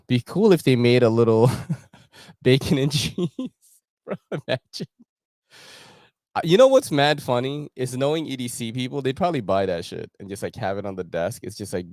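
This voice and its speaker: A young man with a lowish voice talks in loose, slangy banter and laughs easily as he hosts a casual gear show. He sounds close to the mic in a dry room with no echo. He speaks in an unhurried way, like chatting with friends. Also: darkish tone. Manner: laid-back slangy banter, laughs often. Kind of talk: casual chat while browsing a website.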